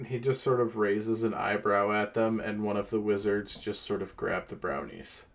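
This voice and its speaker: A man's voice: on the low side, normal speed, gravelly. A man running a tabletop game as game master, explaining rules with lots of fillers. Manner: lively, explains rules at length with frequent fillers.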